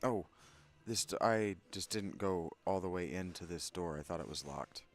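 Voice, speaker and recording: A man casually commenting while playing a video game, soft-spoken and reflective. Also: sits low, moderate pace, faint music behind. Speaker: game streamer. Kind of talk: casual let's-play commentary.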